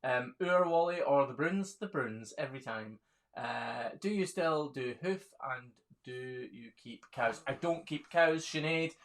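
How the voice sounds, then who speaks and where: A man's voice: mid-range voice, animated, a little slow, a bit bright. A man, a hoof trimmer chatting casually on a live stream, reading viewer questions aloud and laughing often. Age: 30s.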